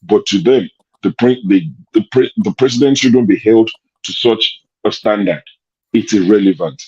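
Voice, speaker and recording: Man, host, political commentary, argumentative, rhetorical questions, husky, dull lo-fi call audio. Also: on the low side, normal speed, darkish tone. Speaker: show host.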